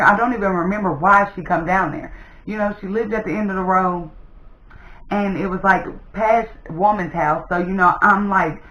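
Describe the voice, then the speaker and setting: A young adult woman, a mother, casually telling a personal story to her viewers in an animated way. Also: mid-range voice, normal speed, echoey room, poor audio. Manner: animated, addresses viewers as "y'all". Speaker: storytime vlogger.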